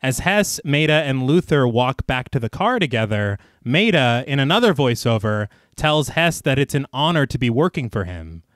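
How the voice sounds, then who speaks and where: A man hosting a horror podcast who reads plot recaps evenly and breaks off for joking, animated asides. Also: medium pitch, normal speed, hardly any pauses, no room sound, clean studio sound. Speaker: podcast host recapping a film. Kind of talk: casual chat, reading a plot recap.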